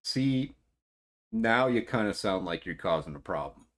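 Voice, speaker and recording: A man narrating as game master of a tabletop role-play, often stumbling and repeating words, voicing gruff club bouncers. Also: lowish voice, expressive, a little slow, fairly bright tone.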